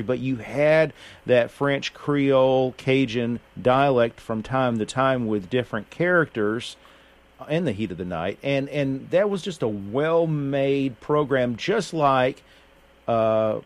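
Radio host, man, unhurried folksy delivery, mid pitch, radio broadcast sound. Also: lively intonation. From Appalachian Kentucky. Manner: unhurried, folksy, many fillers and restarts. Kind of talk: casual radio chat.

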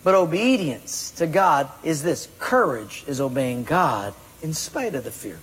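A man preaches a sermon, firing rhetorical questions and answering them with force. His voice sits high for a man and carries a husky edge. A long reverb trails his words through the hall. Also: animated, unhurried, fairly bright tone. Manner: emphatic preaching, rhetorical questions, acts out excuses in quoted voices. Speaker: pastor.

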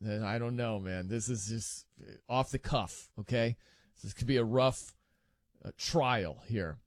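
A man's voice: mid-range voice, a little slow, dry recording, clean studio sound. A man hosting a casual sports talk show, rambling and jokey.

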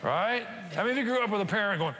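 A man's voice: high-pitched, lively intonation, racing, a crowd in the background. An older man preaching a sermon, talking conversationally with asides and rhetorical questions. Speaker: pastor. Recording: reverberant church hall.

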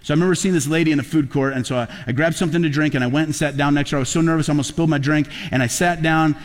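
A male pastor delivers a sermon in a casual, storytelling tone, then pushes into loud emphatic peaks. His voice sits a little high for a man. It rings out with a long reverb, as in a big church auditorium. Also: fairly even intonation, very fast. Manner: conversational preaching, builds to loud emphatic peaks.

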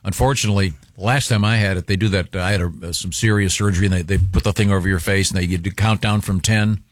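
A man's voice: low-pitched, steady tone, fast talker, no echo. A man hosting a talk show, chatting casually with chuckles and rambling asides. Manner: rambling, chuckling, many fillers. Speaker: radio show host. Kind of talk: casual chat.

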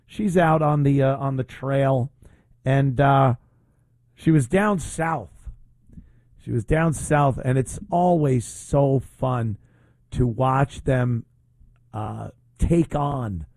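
Slow, dry-voiced sarcastic male host. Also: mid-range voice, warm tone, no room sound. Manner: sarcastic, mocking. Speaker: podcast host. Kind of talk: opinionated commentary.

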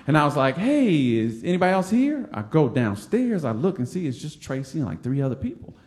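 An animated man from Detroit tells a personal story onstage, playing out the other voices as he goes. His voice sits high and swings widely in pitch. The sound carries an echoey room around it. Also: fairly quick. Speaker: storyteller, stand-up comic. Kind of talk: live personal story on stage.

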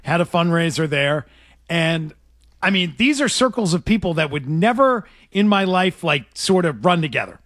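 A man with a high, lively voice hosts a radio show and tells a story in loose studio banter. His pitch swings widely as he acts out what people said. The sound is dry and close to the mic. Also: normal speed, no room sound.

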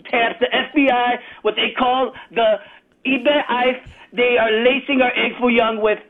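A man's voice: very high voice, fairly even intonation. A man from Chicago with a Chicago accent, calling in to a sports radio show and rattling through topics at speed. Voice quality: fast, scattered, jumping topics. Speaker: caller. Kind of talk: rapid-fire call-in rant. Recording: tinny phone line.

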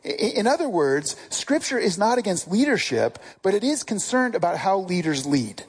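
Preacher for a casual, conversational sermon; husky tone, pitch rises and falls a lot. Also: very animated, normal speed, rough recording. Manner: casual, asks the listeners direct questions.

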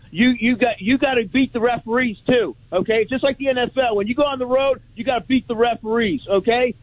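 A man calling into a sports talk show, talking emphatically and repeating words as he pushes his point. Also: very high voice. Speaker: caller. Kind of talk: sports talk radio call. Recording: tinny phone line.

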